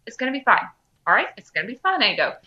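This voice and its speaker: A woman's voice: a little high, very animated, fast talker, bright, forceful tone, lo-fi sound. A woman voicing a weary young male wizard who grumbles and swears. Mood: exasperated. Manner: grumbling, profane, exasperated.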